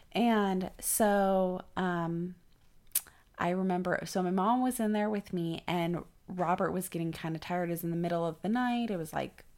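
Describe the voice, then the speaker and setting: Low, creaky-voiced young woman. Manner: animated storyteller, acts out quoted people. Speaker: podcast co-host. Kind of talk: casual chat.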